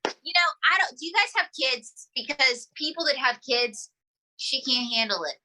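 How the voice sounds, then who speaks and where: A woman's voice: high-pitched, expressive, moderate pace, noisy background. A woman ventriloquist chatting as a guest on a talk show, jokey and chatty. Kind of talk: casual talk-show chat.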